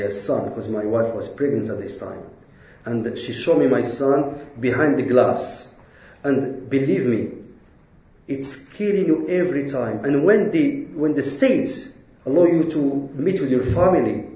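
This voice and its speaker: A man telling his own story in earnest, halting non-native English, restarting his sentences often. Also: mid-range voice, warm tone, echoey room, dull audio. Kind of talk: personal storytelling talk.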